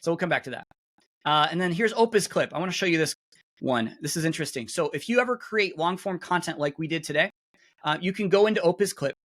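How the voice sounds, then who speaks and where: Fast-talking and animated, with a slightly high voice, the middle-aged webinar guest casually demos software on a shared screen. He speaks through a computer mic on a video call, chatty and self-interrupting, with many fillers and restarts.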